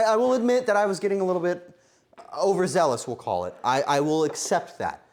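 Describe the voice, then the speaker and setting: A man's voice: mid-range voice, slight background noise. A man streaming a game live, talking to himself with frantic, joking commentary.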